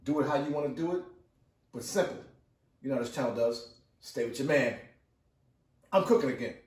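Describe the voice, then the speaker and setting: A man's voice: mid-range voice, brisk, darkish tone. A man hosting a casual cooking video, chatty and hyped, repeating catchphrases to his viewers as he works. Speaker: cooking channel host. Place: home cooking area, then outdoor backyard grill. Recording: echoey, distant camera audio.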